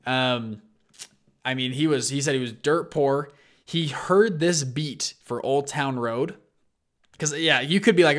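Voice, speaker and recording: A man's voice: medium pitch, measured pace. Man telling a story with energy. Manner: animated, acts out quoted lines, frequent restarts. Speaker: show host. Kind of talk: casual storytelling talk.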